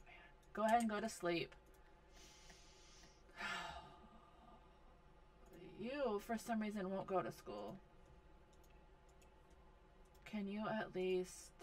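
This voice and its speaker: A woman giving casual commentary over a life simulation game, talking to and scolding her characters with frequent exasperation. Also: medium pitch. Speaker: gaming video host.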